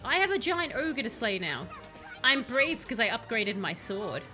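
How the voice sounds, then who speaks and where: A young woman streaming a game, chatting casually and excitedly, joking and calling out to her companions. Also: on the high side, unhurried, faint music behind. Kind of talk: casual live gameplay commentary.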